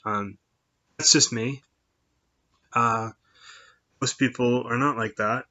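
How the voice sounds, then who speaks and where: A man's voice: mid-range voice, fairly even intonation, slow, sharp tone. A middle-aged man chatting casually on his own show, rambling with many fillers and restarts. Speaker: podcast host. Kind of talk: casual solo chat. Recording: dull lo-fi sound.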